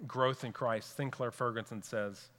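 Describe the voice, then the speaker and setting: A man's voice: medium pitch, steady tone, measured pace, bright, forceful tone, big-room sound. A man preaching a sermon as pastor, earnest and repeating key phrases for emphasis.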